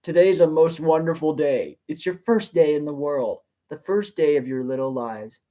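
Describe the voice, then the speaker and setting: A man voicing a large, cruel male monster who talks in an unnervingly charismatic, smooth way. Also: on the high side, moderate pace, dark tone, lightly acted. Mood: mocking. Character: smooth-talking cruel male Bergen monster, huge and sinister.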